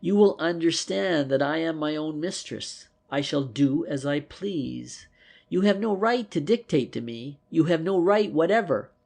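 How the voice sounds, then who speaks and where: Proud indignant young woman, haughty, played by a male reader, pitched up with some grit. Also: normal speed, creaky, a little mellow. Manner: haughty, scornful.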